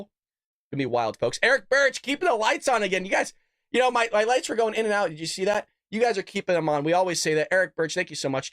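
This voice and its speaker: A man's voice: sits high, a bit bright, no echo, clean studio sound. A man hosting an unscripted political commentary livestream, talking in a fired-up, sarcastic rant. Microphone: desk microphone and camera.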